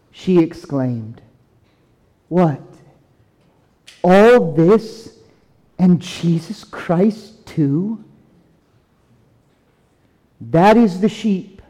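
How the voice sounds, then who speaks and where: A man delivers a sermon in a high, measured voice, leaning into key words and letting some fall almost to a hush. He takes his time over every phrase. The sound carries a long reverb, as if from a church sanctuary. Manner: earnest, emphatic, with dramatic slowdowns and drops to near quiet. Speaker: preacher.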